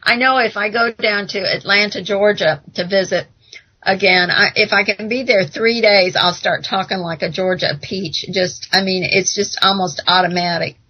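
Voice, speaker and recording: A woman's voice: medium pitch, steady tone, moderate pace, breathy edge, dull audio. An American woman in a casual chat, talking in an affirming and reflective way. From United States.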